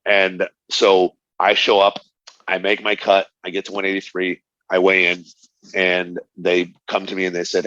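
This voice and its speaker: Middle-aged guy telling fight stories, lowish voice, kinda muffled dry sound. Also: moderate pace, no echo. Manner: animated storyteller, acts out quoted dialogue, laughs often. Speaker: interview guest, retired fighter. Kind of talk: casual storytelling interview.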